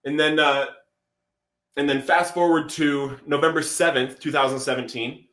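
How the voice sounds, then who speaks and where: A man telling his life story as a podcast guest, animated, acting out quotes and saying "bro" a lot. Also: a little high, moderate pace, roomy sound. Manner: animated, acts out quotes, says "bro" often. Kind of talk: storytelling testimony.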